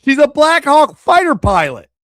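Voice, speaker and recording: High-pitched, animated male storyteller. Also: moderate pace, dry recording, clean studio sound. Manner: animated, acts out quotes in changing voices; profane, rambling with restarts. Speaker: podcast host. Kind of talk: casual storytelling chat.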